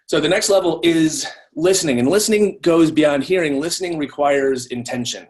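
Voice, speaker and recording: A man's voice: on the high side, normal speed, a little mellow. A man giving a live online training talk in a conversational way, often repeating words as he restarts.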